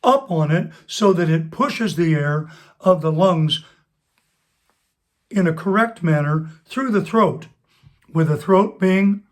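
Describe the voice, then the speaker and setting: A voice teacher talks through a singing lesson at an unhurried, very slow pace, spelling out each instruction. The delivery is deliberate and aimed straight at the student, with pitch in an ordinary middle range. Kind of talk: spoken vocal lesson with sung demonstrations.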